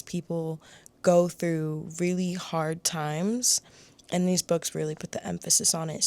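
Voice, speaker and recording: Earnest woman with a low voice. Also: darkish tone. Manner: earnest, searching for words with frequent pauses. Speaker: book reviewer. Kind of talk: casual book review vlog.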